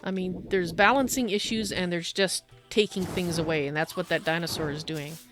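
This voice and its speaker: A woman with a fairly low voice chats through a gaming livestream, blunt and sardonic as she airs her opinions. Her delivery is casual and unscripted, with faint game music playing underneath. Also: fairly even intonation, normal speed. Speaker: livestream gamer. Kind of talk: casual gameplay commentary.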